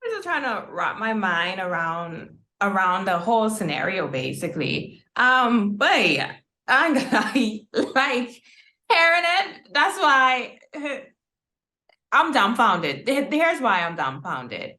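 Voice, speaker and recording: A woman's voice: medium pitch, big pitch swings, takes it slowly, bright, forceful tone, reverberant. A woman guest on a news show, chatting casually and puzzling over the story with pointed questions. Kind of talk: casual chat.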